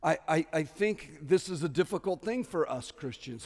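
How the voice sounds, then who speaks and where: A man preaching a sermon as pastor, stressing key words loudly and dropping to quiet asides. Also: a little high, animated, normal speed, few pauses, in a large hall. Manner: emphatic, swings between loud stresses and quiet asides.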